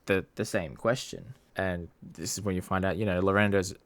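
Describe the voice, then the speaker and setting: A man's voice: low voice, steady tone, normal speed, a bit bright, no echo. A man co-hosting a casual film review podcast, talking hesitantly with lots of "like" and "you know". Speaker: podcast co-host.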